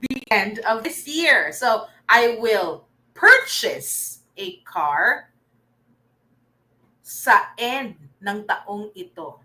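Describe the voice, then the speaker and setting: A woman's voice: mid-range voice, sharp tone, poor audio. A young Filipino woman teaching an online reading lesson, coaxing and praising her students as she goes. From Philippines.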